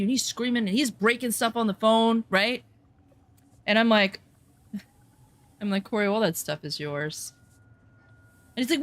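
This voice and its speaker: A woman's voice: medium pitch, moderate pace. A woman telling a story straight to her viewers. She is blunt and unfiltered, swears freely, and rambles with fillers and restarts as she goes. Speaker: vlogger. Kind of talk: casual storytelling.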